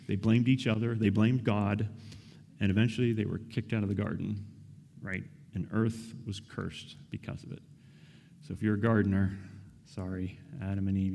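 A man preaches in a relaxed, conversational way, his lowish voice gravelly with fry. He keeps checking in with his listeners and asking them questions. The sound carries a long reverb from the church hall around him. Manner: casual, asks the listeners questions, often says "right?". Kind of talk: conversational sermon.

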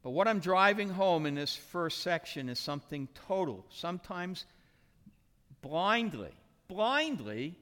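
A man preaches a lively sermon in a fairly high, bright voice that leaps up and down as he acts out the people in his story. He swings from shouted lines to soft, hushed ones. The sound carries a long hall reverb. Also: unhurried. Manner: dramatic, acts out characters with shouts and whispers. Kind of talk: animated sermon with acted-out voices.

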